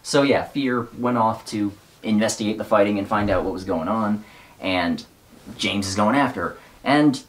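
A man's voice: fairly low pitch, moderate pace. A man casually recapping and reading from a novel, rambling with fillers and wry asides.

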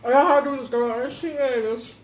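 Brief: high-voiced woman vlogger, unhurried delivery, echoey room. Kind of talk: casual mukbang chat. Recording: echoey room, faint room noise.

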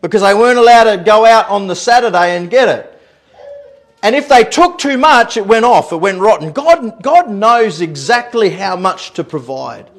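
A man preaching a sermon as pastor in a church, animated, repeating words and laughing at his own stories. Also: high-pitched, normal speed. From Australia.

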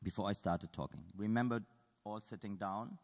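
A man with a fairly low voice leads an interactive lecture, quizzing the audience with dry, playful questions. His voice rings with the long reverb of a lecture hall. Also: normal speed. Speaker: artist giving a lecture. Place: lecture hall at an art school.

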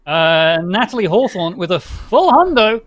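A man hosting a casual livestream chat, reading donation messages aloud with quick laughs. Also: high-pitched, very animated, a bit bright.

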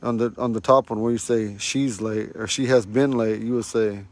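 A man teaching a casual online language lesson, recorded on a phone at home, saying each word slowly and repeating it for learners. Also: fairly low pitch, steady tone, dry recording. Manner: slow, repeats words for learners.

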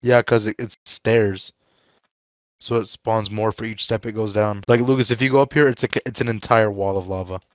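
A man's voice: on the low side, steady tone, moderate pace, dry recording. A man in gaming voice chat, trolling his friends in a mock-dramatic, sarcastic way and swearing often.

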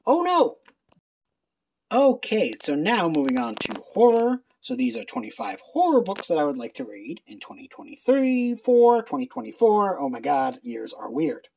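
A book video creator chatting casually through a reading list, talking in an animated way with many quick asides. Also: mid-range voice, gravelly.

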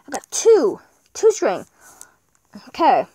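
A woman's voice: a little high, lively intonation, measured pace, long pauses, no echo. A woman giving casual gameplay commentary, chatting to herself as she plays. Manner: chatty, talks to herself while playing. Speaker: gameplay video maker.

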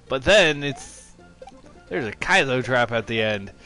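A man talks over a video game in a slow, unhurried drawl, full of sarcastic, mock-excited remarks. Faint game music plays underneath his voice. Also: mid-range voice. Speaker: let's-play commentator. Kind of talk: sarcastic gameplay commentary.

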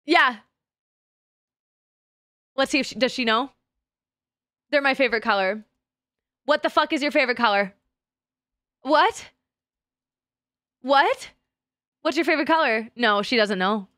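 A woman's voice: sits high, lively intonation, measured pace, long pauses, pushed and bright, dry recording, studio quality. A woman streaming as a VTuber in casual chat, swearing freely and breaking into laughter often. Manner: profane and giggly, swears often and laughs a lot.

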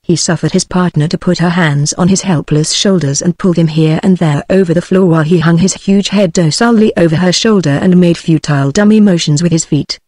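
A text-to-speech woman's voice with a British English accent, reading a story aloud as an audiobook narrator in an even, measured way. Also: fairly low pitch, no room sound, clean studio sound.

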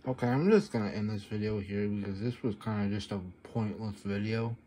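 A man with a fairly low voice rambles through a casual vlog from a dinner table, swearing freely and talking through mouthfuls. The sound comes from a camera microphone, with a faint hiss behind him. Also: a little fast, dark tone. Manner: offhand, rambling, swears freely, talks while chewing. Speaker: vlogger.

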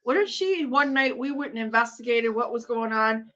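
A woman's voice: a little high, lively intonation, normal speed, a bit bright. A woman hosting a live stream, chatting casually and rambling, laughing often and swearing freely. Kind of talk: casual chat while watching a game. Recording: dull lo-fi sound.

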